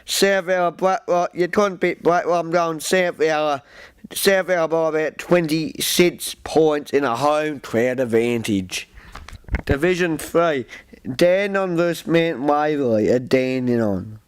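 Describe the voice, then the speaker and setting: An Australian man with a fairly high, smooth voice hosts a local homemade football show, speaking slowly. In this casual tips segment he rambles through his tips and rants, often restarting.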